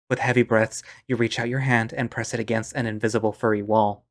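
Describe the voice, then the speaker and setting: A man narrating a visual novel in the second person, steady and measured. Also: on the low side.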